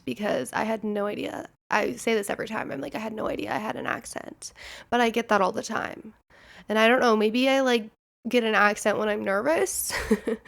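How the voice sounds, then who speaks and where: A woman's voice: on the high side, gravelly. A woman from Nebraska with a Midwestern accent, hosting a podcast and telling candid, rambling stories in casual chat. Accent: Midwestern American. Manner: rambling, candid storytelling with frequent "like". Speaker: podcast host.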